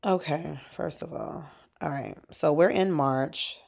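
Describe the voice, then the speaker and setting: A woman's voice: low voice, slow, creaky, darkish tone. A woman talking casually on a phone livestream as a prayer minister, meandering with lots of fillers and asides.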